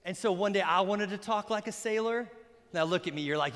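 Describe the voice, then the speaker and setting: A man pastor preaching an energetic, joking sermon at a baptism, sometimes bursting into shouts. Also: sits high, brisk. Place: church sanctuary during a baptism. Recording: echoey hall.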